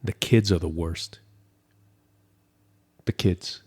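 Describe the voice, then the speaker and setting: Male podcast co-host, lower pitch, bantering and laughing, casual chat. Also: takes it slowly, slightly rough. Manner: jokey banter, laughs often, acts out quotes.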